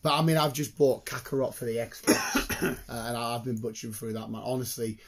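Excitable, swearing man with a husky voice. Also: mid-range voice. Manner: excitable, swearing, quick bursts of laughter. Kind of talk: casual chat.

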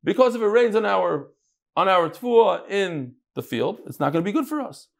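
A man's voice: normal speed, gravelly. A man teaching a daily Talmud class, asking questions aloud and mixing untranslated Aramaic and Hebrew terms into his English. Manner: animated, leaps between loud questions and low asides.

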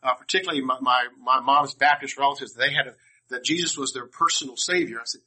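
An older man from D.C. tells personal stories to a class, rambling, funny, and constantly restarting sentences. He talks fast in a sharp, mid-range voice with a breathy edge, on a low-quality recording.

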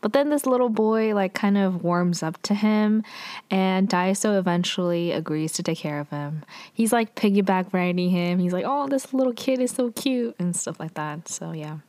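A woman's voice: lowish voice, normal speed, darkish tone, dry recording. A woman casually recapping a drama episode, chatty and full of fillers, with exasperated asides.

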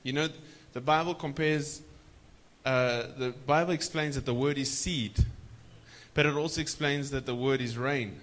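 A man preaching a sermon at a church conference, stretching key words slowly for emphasis and prompting the audience to answer back. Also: mid-range voice, fairly even intonation, a bit bright.

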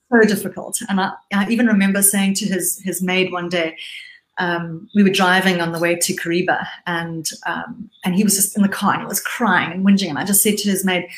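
A middle-aged woman from southern Africa, a guest speaking candidly in casual conversation, halting and restarting often. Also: lowish voice, steady tone, roomy sound, poor audio.

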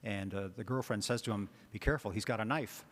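A man's voice: on the low side, quick pace. A man, a parish priest, giving a conversational homily with frequent filler words. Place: church. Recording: long church reverb.

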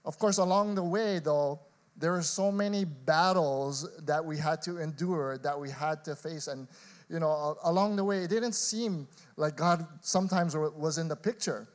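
Male pastor, sermon. Earnest and halting delivery, slightly high pitch.

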